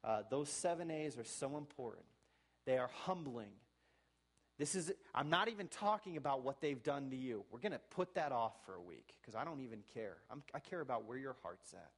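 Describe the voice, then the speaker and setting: A male pastor preaching a sermon. He exhorts the congregation earnestly, swings from soft to loud, and acts out sample apologies in a conversational voice. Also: mid-range voice, animated, moderate pace.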